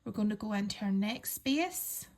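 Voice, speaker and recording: A woman calmly talking learners through a crochet pattern step by step, counting stitches aloud and reassuring them. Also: mid-range voice, normal speed. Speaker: crochet instructor. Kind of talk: step-by-step craft tutorial.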